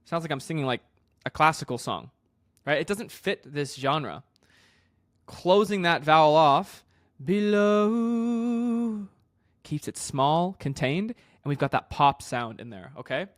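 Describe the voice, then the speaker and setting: A man with a fairly high voice talks through a singing lesson as a vocal coach. He explains in a relaxed, chatty way, full of fillers and restarts. The sound is close and dry, with little room echo. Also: unhurried. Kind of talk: singing lesson with sung demonstrations.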